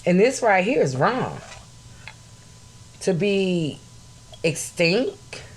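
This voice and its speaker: An outraged woman hosting a solo podcast, her voice climbing from low, steady talk to loud shouting. She speaks bluntly, swears often and stops to greet her viewers. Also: very slow, slightly rough. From United States. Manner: greets live chat viewers mid-talk. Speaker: podcast host.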